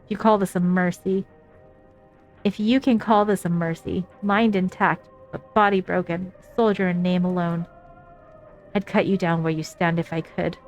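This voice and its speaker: A woman's voice: on the low side, steady tone, normal speed, lo-fi sound, faint music behind, lightly acted. Woman reading as a bitter wounded young soldier. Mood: hostile. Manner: reads game dialogue aloud, lightly dramatic.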